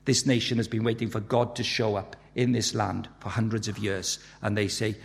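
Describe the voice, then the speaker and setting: Male preacher, gravelly, urgent and emphatic, long echo of a big hall. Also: fairly low pitch, steady tone, moderate pace, hardly any pauses. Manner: urgent, emphatic preaching with sharp swings in loudness. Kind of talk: sermon.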